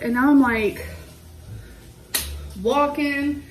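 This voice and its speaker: Talking to camera at her stove, a young woman delivers rambling, casual vlog chatter full of "like," in a voice a little high and a little slow. She's a bit out of breath, and her home kitchen sounds echoey with music playing behind her.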